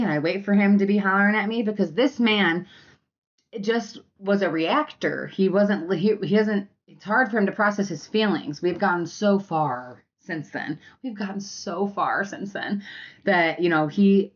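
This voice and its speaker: A young woman hosting a podcast, candidly telling a personal story in a casual way with lots of fillers, now and then shouting out past arguments. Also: mid-range voice, lo-fi sound. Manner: candid and conversational, full of fillers, acts out past arguments with loud bursts. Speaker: podcast host.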